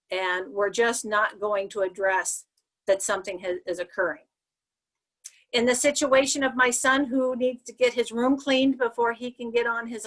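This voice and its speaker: A woman's voice: a little high, a bit bright, poor audio. Woman presenting a parent workshop. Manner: conversational, acts out parent-child exchanges. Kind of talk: informal presentation.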